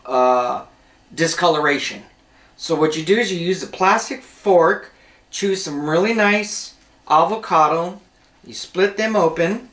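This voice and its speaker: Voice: medium pitch, fairly bright tone, distant mic. A cooking show host giving a casual, rambling demonstration, often correcting themselves mid-sentence. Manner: chatty, rambling, self-correcting. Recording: roomy kitchen, voice off-mic.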